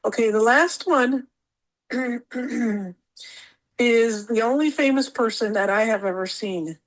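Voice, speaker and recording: A woman guest on a podcast, telling a personal story in a rambling, animated way and repeating herself often. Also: a little high, takes it slowly, low-quality recording.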